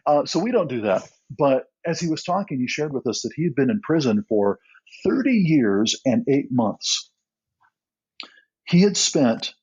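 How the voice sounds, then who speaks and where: Middle-aged male guest, husky, earnest storyteller who restarts often, dull lo-fi sound. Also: mid-range voice. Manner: earnest, with frequent restarts and soft laughs. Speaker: guest, nonprofit co-founder. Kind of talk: storytelling in a podcast interview.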